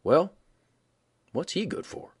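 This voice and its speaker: A man reading the part of a sly stranger in a mining camp, speaking slowly and deliberately, with a dry manner and a husky voice. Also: close to an everyday voice.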